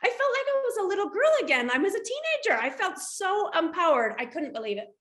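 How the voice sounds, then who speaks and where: A woman in her forties tells a personal story in a casual interview. Her voice is high and bright, and she jumps into character voices for the quotes. The room is echoey. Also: fast. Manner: animated, acts out quotes with big pitch jumps. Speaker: guest, shoe boutique owner.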